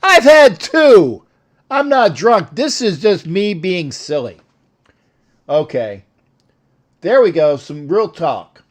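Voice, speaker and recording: A man's voice: fairly high pitch, very animated, slow pace, long pauses. An older man hosting a sports show, rambling and joking with callers in a casual live-stream chat.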